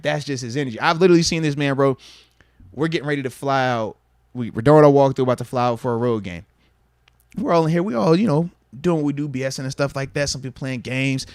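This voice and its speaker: On a clean studio recording with no room sound, this podcast host, a thirtysomething ex-football player, spins stories in casual conversation. When quoting people, he performs the lines with dramatic swings in pitch and volume.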